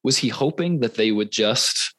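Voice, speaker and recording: A man hosting a podcast, asking earnest, curious questions in a halting conversational way. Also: mid-range voice, animated, fairly bright tone, no room sound. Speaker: podcast host.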